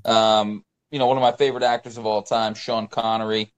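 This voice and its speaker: A man's voice: lowish voice, little pitch movement, a little fast, clear, resonant tone. A man co-hosting a casual movie podcast, enthusiastic, using slang like "dude" and "bro" and sports metaphors. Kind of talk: casual chat about movies.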